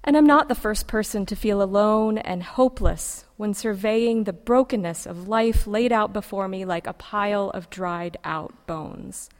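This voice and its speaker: A woman preacher giving a sermon, reciting a poem in a measured, poetic way with dramatic pauses, in a church sanctuary. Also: medium pitch. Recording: long reverb of a large hall.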